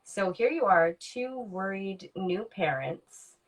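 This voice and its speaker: A woman's voice: mid-range voice, expressive, takes it slowly, low-quality recording. A woman in her forties, a podcast guest, telling a candid personal story in a reflective way, acting out remembered dialogue with plenty of ums.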